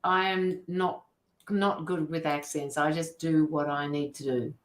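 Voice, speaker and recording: Brief: hesitant woman tarot reader, slow and unhurried, echoey room. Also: low voice, fairly even intonation. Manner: hesitant, modest, repeats words. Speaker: tarot reader and stream host. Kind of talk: casual live-stream chat.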